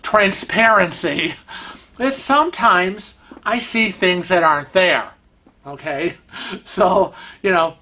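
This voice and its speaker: A man hosting a vlog, telling a story at home in an animated, chatty way. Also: high-pitched, takes it slowly. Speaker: vlog host. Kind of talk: casual storytelling. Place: family room at home.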